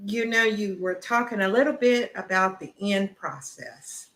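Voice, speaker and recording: A woman pastor asking a question on a radio show, gentle and hesitant with frequent pauses. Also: mid-range voice, slight background noise.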